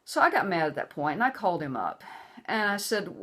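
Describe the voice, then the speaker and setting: A woman's voice: lowish voice, very animated, brisk. A middle-aged woman telling a personal story to camera, earnest and emphatic, giving lecturing advice. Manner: acts out quoted voices, hushed and soothing or raised and angry. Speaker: vlogger.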